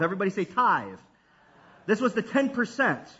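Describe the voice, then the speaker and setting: A man preaching a sermon as pastor, calling for responses from the congregation and swinging between loud and hushed delivery. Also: high voice, sing-song, normal speed, slightly rough, highs cut off.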